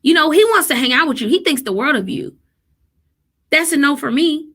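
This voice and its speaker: A woman's voice: high-pitched, a little fast. A woman in her thirties, a therapist and mother, telling parenting stories in a casual, emphatic vlog style. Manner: animated, emphatic, quotes people in lively voices.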